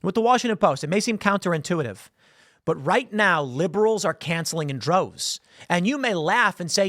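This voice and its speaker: A man's voice: sits high, sing-song, moderate pace, sharp tone, dry recording. Dry-miked man telling a story. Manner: conversational storytelling, acts out quotes. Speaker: political commentary host. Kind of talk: solo political commentary.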